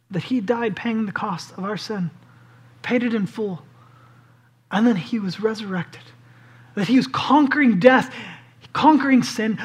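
Husky, high-voiced male preacher. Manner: impassioned preaching, acts out the voices of the people in the story. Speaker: pastor. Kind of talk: sermon.

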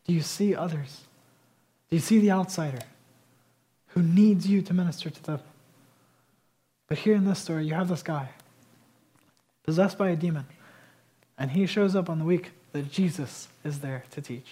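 A man preaching a sermon as pastor, swinging between emphatic loud declarations and quieter conversational asides. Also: fairly high pitch, moderate pace, pauses often, breathy edge.

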